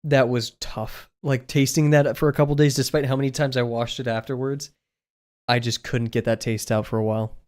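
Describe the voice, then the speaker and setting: A man's voice: mid-range voice, level tone, a little fast, a little mellow. A man chatting casually on a live stream while he draws, rambling through asides with lots of filler words. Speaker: drawing streamer.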